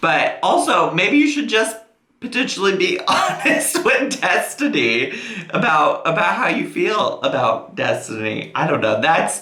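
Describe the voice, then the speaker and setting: A man's voice: on the high side, pushed and bright, reverberant. A man giving sarcastic, teasing reaction commentary as a YouTuber.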